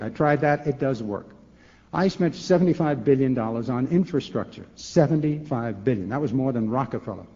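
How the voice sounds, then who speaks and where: A man in his sixties, a former governor, answering a question at a forum with animated, rhetorical talk, acting out both sides of dialogues and repeating words as he restarts. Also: on the high side. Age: 60s. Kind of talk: lecture-hall Q&A answer. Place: large lecture hall. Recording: echoey hall, dull lo-fi tape.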